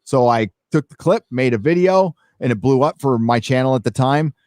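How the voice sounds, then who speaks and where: Hosting a livestream, a man with a mid-range, a little mellow voice and lively intonation speaks at normal speed, reading donations while he rants casually and emphatically, swearing freely and filling his speech with fillers. The sound is studio quality, without room sound.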